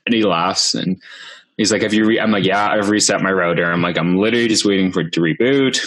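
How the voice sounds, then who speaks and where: A young man, a podcast guest telling a story in a lively way, often laughing and acting out what others said. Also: mid-range voice, moderate pace. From Manitoba, Canada. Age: young adult. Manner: animated, laughs often, acts out quoted voices. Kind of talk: casual storytelling.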